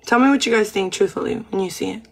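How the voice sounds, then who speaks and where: A woman's voice: mid-range voice, quick pace, vocal fry. A young woman hosting a phone livestream from home, chatting casually with viewers in a giggly, slangy way. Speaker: livestream host.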